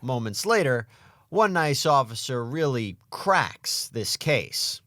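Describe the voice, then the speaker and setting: A wry male narrator with a lively voice. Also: mid-range voice, takes it slowly, no room sound. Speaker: video narrator.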